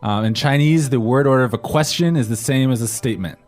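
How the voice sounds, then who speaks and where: Guy co-hosting a chinese lesson, keeps asking "right?", soft music behind. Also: medium pitch, fast talker. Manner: prompts with questions, often ends with "right?". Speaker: co-host, learner's voice. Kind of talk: scripted language-lesson podcast. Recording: faint music bed.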